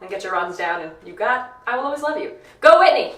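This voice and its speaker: Woman vocal coach, high bright voice, animated reaction chat with sung demos, roomy and slightly distant sound. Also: quick pace. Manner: enthusiastic, breaks into sung demonstrations. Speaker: voice teacher. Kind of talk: reaction video analysis, casual chat.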